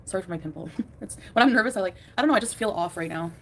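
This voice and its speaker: A woman's voice: mid-range voice, lively intonation, rapid-fire, fairly bright tone, a little hiss or hum. A woman chatting casually on a live stream, reading out viewer names and giggling often. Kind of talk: casual livestream chat.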